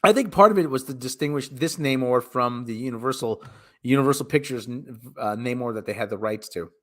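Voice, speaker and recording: A man's voice: medium pitch, a little fast. A man hosting his show, giving rambling, sarcastic, wisecracking commentary in a casual movie review. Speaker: host.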